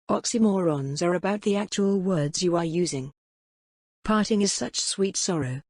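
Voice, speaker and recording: Low-voiced woman narrating a lesson. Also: a little mellow, dry recording, clean studio sound. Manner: measured, explanatory reading. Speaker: teacher narrator. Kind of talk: scripted educational narration.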